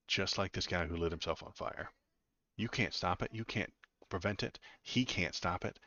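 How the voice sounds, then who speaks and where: Deep-voiced sardonic male political streamer. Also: fairly bright tone, dry recording, dull audio. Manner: sardonic, halting, many fillers and repeats. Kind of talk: live political commentary.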